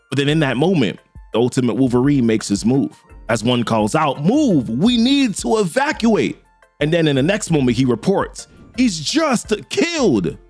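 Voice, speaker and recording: A man's voice: mid-range voice, darkish tone. A man casually recapping a comic issue, retelling the panels in slangy quoted voices. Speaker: comic book reviewer.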